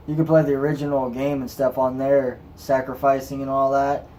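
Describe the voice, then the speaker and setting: A man's voice: mid-range voice, flat delivery, a little fast, warm tone, slight background noise. A man co-hosting a casual chat, telling crude stories in a put-on Southern drawl. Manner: crude joking, storytelling. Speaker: co-host.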